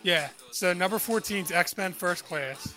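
A man's voice: high-pitched, a little slow, sharp tone, soft background music. A man hosting a casual podcast chat, rambling through a movie list and swearing freely. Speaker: podcast host.

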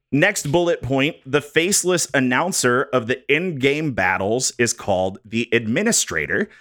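Male podcast host, bright and animated, jokey presenter of notes. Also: medium pitch, a little slow. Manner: animated, jokey, reads prepared bullet points. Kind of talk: casual podcast chat.

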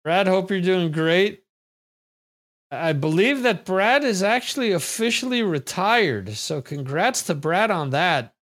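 A man's voice: high voice, expressive, measured pace, a bit bright. A man hosting a live trivia stream, chatting casually into his computer microphone and reading viewer comments aloud in a rambling way. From United States. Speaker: trivia show host.

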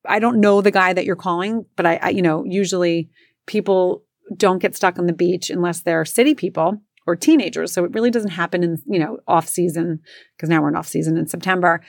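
A woman's voice: on the low side, a little fast, gravelly, no echo, studio quality. A woman in her forties casually telling a self-mocking story, acting out what everyone said. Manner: chatty, self-mocking, acts out quotes. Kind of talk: casual anecdote.

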